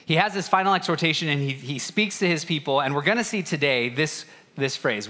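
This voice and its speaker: Bright-voiced pastor in an echoing hall. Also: male voice, a little high, lively intonation, brisk. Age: 30s. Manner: conversational, self-deprecating, acts out family dialogue. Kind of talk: casual sermon with personal stories. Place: church auditorium. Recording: long hall reverb.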